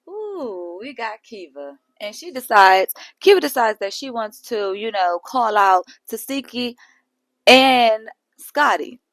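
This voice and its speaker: A woman's voice: a little high, fairly bright tone, no echo, low-quality recording. A woman hosting a reality show recap, chatting casually with profane, laughing asides. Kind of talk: casual chat.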